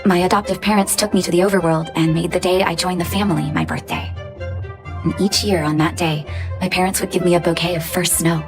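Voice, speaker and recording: A soft, reflective young woman, voiced by an actress in a game cutscene, sighing between thoughts. Her voice sits a little low, and game music runs beneath her lines. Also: fairly even intonation, brisk, natural voice. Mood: wistful. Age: young adult. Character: gentle grown-up orphan woman, heartfelt.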